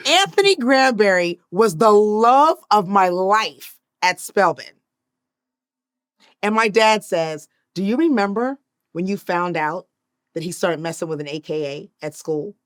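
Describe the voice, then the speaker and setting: A woman in her fifties, an actress, telling a story in an interview and acting out the voices of the people in it, moving between hushed and loud moments. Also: mid-range voice, lively intonation, measured pace, dry recording, clean studio sound. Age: 50s.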